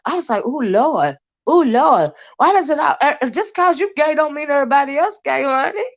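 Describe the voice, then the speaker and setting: A livestream host with a high, creaky voice talks at a quick pace in casual chat. She is chatty, greets her viewers by name and laughs a lot.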